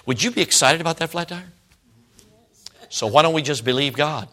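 Middle-aged man, preacher, sermon, bright tone, folksy storytelling, laughs often. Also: on the high side, brisk. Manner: folksy storytelling, frequent "you know what I'm talking about"; laughs often, animated swings between loud and hushed.

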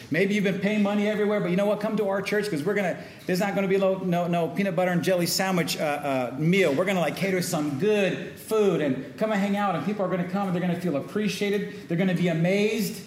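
A middle-aged male pastor with a slightly raised voice, preaching in a relaxed, conversational way and pausing to ask the congregation for an amen. The sound is roomy and echoey, with a faint hum of ambience behind him. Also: sits high. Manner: conversational preaching, call-and-response asides. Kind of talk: sermon.

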